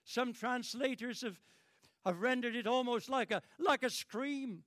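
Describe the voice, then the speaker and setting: A man's voice: moderate pace, a bit bright, dry recording, clean studio sound. An older British man preaching a fervent sermon, repeating phrases and swelling in emotion. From Britain. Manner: fervent, repetitive, dramatic rises in pitch and volume.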